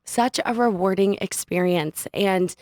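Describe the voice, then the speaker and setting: A young adult woman, a podcast guest, telling a personal story in an animated, casual way and laughing often. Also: medium pitch, measured pace, dry recording, studio quality. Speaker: podcast guest, studio owner. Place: podcast studio.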